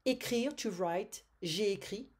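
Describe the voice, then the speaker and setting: Teaching grammar in a slow, patient way, a French-accented woman from France uses a husky, mid-range voice. Her speech is dotted with frequent "euh" fillers and repeated words.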